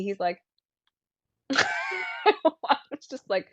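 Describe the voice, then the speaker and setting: A woman's voice: on the low side, fairly quick, dry recording, dull audio. A woman in her thirties telling rambling stories in casual chat, acting out what people said. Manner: rambling storyteller, acts out quotes in lively voices.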